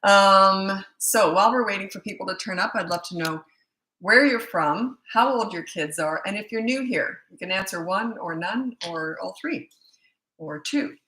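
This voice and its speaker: A woman's voice: mid-range voice, moderate pace, bright, forceful tone. A woman in her sixties from Canada, a parenting coach chatting casually on a live stream, rambling with fillers and self-corrections. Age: 60s. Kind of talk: casual live-stream chat reading viewer comments. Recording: echoey room.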